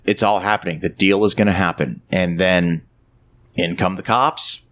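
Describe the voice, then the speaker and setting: A man hosts a casual movie podcast and retells scenes with lively energy, jumping into quoted lines. His voice sits on the low side. He swears freely as he goes. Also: normal speed, slight background noise. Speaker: podcast host. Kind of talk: casual film discussion podcast.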